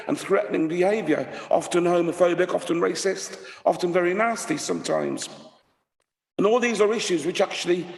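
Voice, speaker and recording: Croaky councillor guy reading a motion, gravelly and kinda high, big echoey hall. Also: a little mellow. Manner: reads out a motion, measured. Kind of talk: formal committee speech. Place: council committee room. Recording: echoey hall with long reverb.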